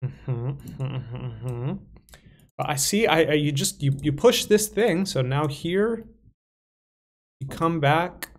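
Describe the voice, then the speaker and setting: Slow and gravelly, with a highish voice and lively intonation, a young man talks himself through an online chess game. He mumbles casually and tosses in playful asides as he streams.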